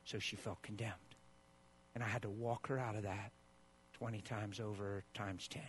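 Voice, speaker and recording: A man pastor preaching a sermon, swinging between hushed asides and loud bursts and acting out the quoted voices of spouses. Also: on the low side, level tone, normal speed, slight background noise.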